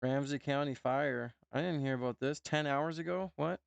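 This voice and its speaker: A man's voice: fairly high pitch, normal speed, gravelly, dry recording. A man with a North Dakota accent, a streamer giving loose, profane reaction commentary full of "bro" and "man".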